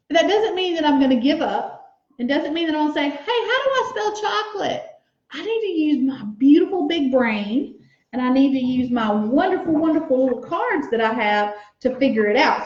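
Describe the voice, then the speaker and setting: High-voiced teacher sounding out words. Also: female voice, a little mellow. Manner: slow, sounds out letters and words aloud; encouraging. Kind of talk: teaching a writing lesson to young children. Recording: echoey room, slightly dull sound.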